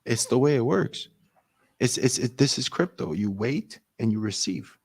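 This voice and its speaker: A man of average pitch talks crypto on a casual show. He rants, swears a lot and mocks people in put-on voices. The sound is dry and close. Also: animated, moderate pace, darkish tone, breathy edge, dry recording. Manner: profane, ranting, mocking impressions. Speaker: podcast co-host.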